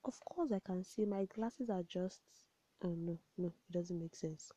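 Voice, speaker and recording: A young woman, chatting casually to camera in a rambling storytelling way, often dropping to soft asides. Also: fairly low pitch, a little slow, no echo. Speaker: vlogger. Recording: dull, lo-fi home recording.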